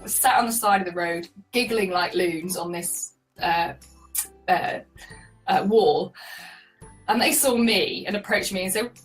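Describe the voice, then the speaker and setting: A chatty, animated woman telling stories as an interview guest, laughing often. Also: medium pitch, a little slow, distant mic, faint music behind, low-quality recording. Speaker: guest, solo cyclist. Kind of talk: conversational interview storytelling.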